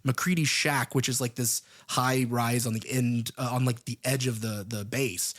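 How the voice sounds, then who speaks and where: A man's voice: medium pitch, fairly even intonation, moderate pace, a bit bright. Man recapping movie scenes on a podcast. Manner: recaps scenes with fillers, searching for words. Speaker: podcast co-host. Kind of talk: casual film discussion.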